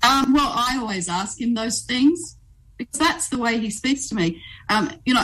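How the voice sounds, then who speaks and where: A woman, a guest pastor telling stories in a conversational faith interview, animated and chatty. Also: a little high, normal speed, poor audio. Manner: animated storyteller, frequent "um" and "you know".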